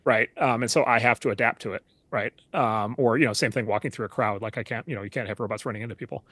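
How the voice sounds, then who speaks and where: A middle-aged man talking fast and loosely as an interview guest, full of fillers and restarts. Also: mid-range voice, steady tone, a bit bright, breathy edge, no echo. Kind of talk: casual interview talk.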